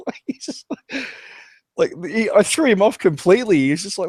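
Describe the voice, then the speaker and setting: A man with an Australian accent telling a personal story in casual chat, laughing and animated as he quotes others. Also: sits high, fairly quick, dry recording. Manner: laughs while telling stories, animated when quoting others. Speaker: discussion participant.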